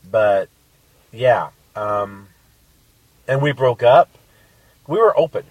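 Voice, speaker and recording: A man on a podcast casually telling a crude dating story, animated and swearing. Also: medium pitch, takes it slowly, no echo, distant mic, low-quality recording. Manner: crude, animated, acts out quotes.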